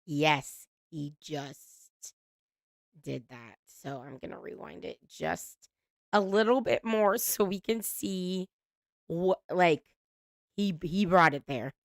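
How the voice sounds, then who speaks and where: A woman's voice: fairly low pitch, animated, slow, no room sound, studio quality. A woman hosting a casual reality TV recap, chatty, laughing often and swearing casually.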